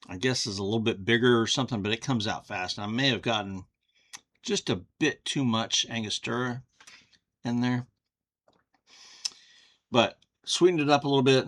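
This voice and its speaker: Bright-voiced man reviewing whiskey. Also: medium pitch. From Texas. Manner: folksy, unhurried, thinks aloud. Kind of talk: casual home review.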